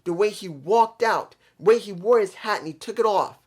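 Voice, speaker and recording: A man's voice: sits high, moderate pace, a little mellow. Middle-aged male vlog host, earnest and rambling, unpolished delivery, loops back to the same phrases. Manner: earnest, rambling, repeats himself. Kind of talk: casual monologue on pro wrestling.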